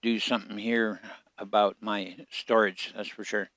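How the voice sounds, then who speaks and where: A man with a gravelly, creaky edge talks casually over his gameplay, muttering to himself as he goes. His voice sits close and dry, with little room around it. He sounds easygoing, like someone narrating a solo session. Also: on the low side, unhurried, no room sound. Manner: relaxed, muttering to himself while playing. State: hiccups. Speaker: game streamer.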